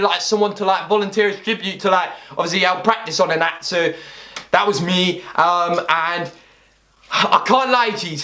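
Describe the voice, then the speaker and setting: A young man with a London accent who raps comic lines and then explains them in heavy street slang with a deadpan delivery. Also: high voice. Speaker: comedy video creator. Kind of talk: comedic rap with spoken explanations.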